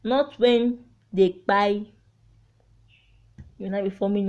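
Sex: woman. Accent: Nigerian. Pace: slow, unhurried. Style: candid solo podcast monologue, heartfelt and frank. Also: mid-range voice, lo-fi sound. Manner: heartfelt and frank, laughs through painful topics. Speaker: podcast host.

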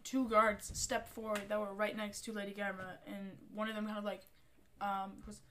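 A woman narrating a tabletop game as game master, halting with frequent ums. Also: medium pitch, little pitch movement, background noise.

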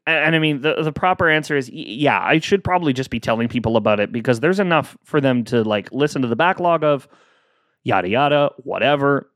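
Animated, playful man hosting a podcast. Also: mid-range voice, a little fast, no room sound, clean studio sound. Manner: playful, self-talking, acts out both sides of imagined exchanges. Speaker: solo podcast host. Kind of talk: casual solo podcast monologue.

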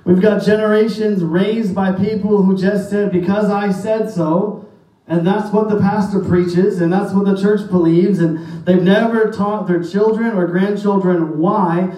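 Warm in tone and high-voiced, this pastor keeps a measured pace and fairly even intonation while preaching emphatically. He quotes old-fashioned scripture in a church sanctuary, recorded from a distance amid heavy echo.

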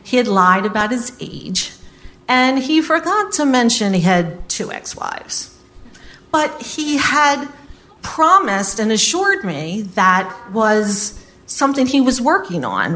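A woman telling a personal story to an audience, candid and animated, acting out what others said and swearing casually. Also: on the high side, a little slow. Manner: candid, animated retelling with quoted voices.

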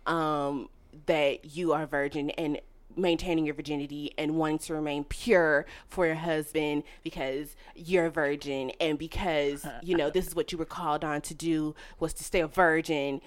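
A woman's voice: sits low, fairly even intonation, moderate pace. A woman co-hosting a podcast recap, chatting casually with sassy, emphatic, blunt opinions. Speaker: podcast co-host.

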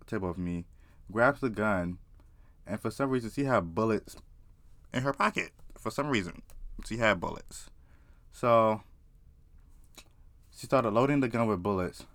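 A young man from South Carolina with a Southern accent, telling a story in a casual, profane, excitable and rambling way. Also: lowish voice, no echo. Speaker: vlogger.

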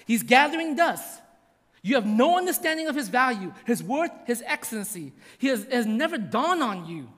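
A man preaching a sermon in a high-pitched voice. His words echo through a hall with a long reverb tail. He tells a story and keeps checking in with his listeners, often repeating his words as he goes. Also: a bit bright. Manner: storytelling with frequent repetitions and "right?". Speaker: pastor.

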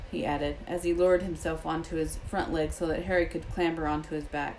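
A woman reading a children's fantasy novel aloud in a steady storytelling manner. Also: low-pitched, a little fast, hardly any pauses, a little hiss or hum, poor audio. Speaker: audiobook reader.

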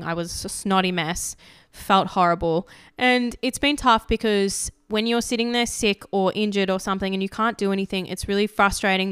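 A young woman hosting her podcast in casual, candid chat, slightly croaky after being ill and swearing freely. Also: medium pitch, a bit bright, dry recording, clean studio sound. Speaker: podcast host.

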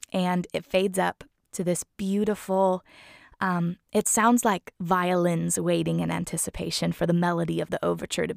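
Gravelly, chatty woman podcast host. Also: lowish voice, darkish tone, no room sound, clean studio sound. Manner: chatty, gushing, enthusiastic. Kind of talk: casual chat and reading aloud.

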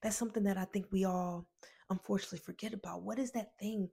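Earnest female motivational speaker with a gravelly, mellow voice, telling a personal story to the crowd. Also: mid-range voice, steady tone, fast. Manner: earnest and emotional, addresses listeners as friends, repeats phrases.

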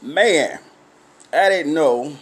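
Male podcast host, middle-aged, high voice, drinking, crude storyteller. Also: expressive, very slow. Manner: profane storytelling, loud cackling laughs. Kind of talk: raw casual monologue.

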